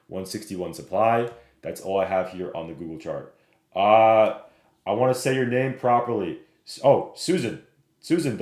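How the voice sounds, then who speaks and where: Low-voiced man talking through stock charts. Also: a little mellow. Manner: fast, repeats "right?" and "okay?", reads chat aloud. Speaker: stock trading streamer. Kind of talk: live chart walkthrough. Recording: roomy echo.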